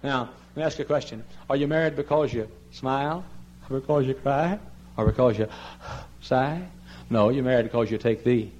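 An older man preaching a sermon, swinging from soft pleading to loud impassioned cries, sometimes drifting off the mic. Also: medium pitch, a little fast, highs cut off, slight background noise. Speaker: pastor. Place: large church sanctuary.

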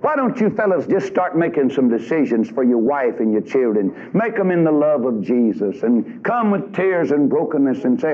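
A man's voice: medium pitch, sing-song, moderate pace, few pauses. A man preaching a revival sermon in a church, fiery, folksy and emphatic. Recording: lo-fi old tape recording.

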